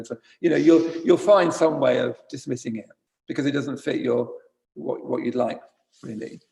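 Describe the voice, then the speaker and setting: A man's voice: mid-range voice, steady tone, moderate pace, creaky, a little mellow. A man giving an informal dharma talk as a Buddhist teacher, conversational and wry, often correcting himself mid-sentence. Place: retreat centre shrine room.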